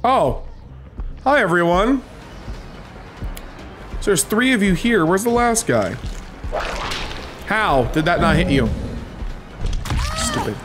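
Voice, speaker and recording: A man's voice: sits high, big pitch swings, takes it slowly, pauses often, a bit bright, faint music behind. A man giving live gameplay commentary, taunting and trash-talking his opponents with plenty of swearing. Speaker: gaming streamer.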